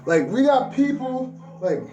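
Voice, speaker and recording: A man's voice: very high voice, sing-song, unhurried, warm tone, dull audio. A man giving a preachy, profane spiritual rant to the listener, repeating words and restarting his sentences.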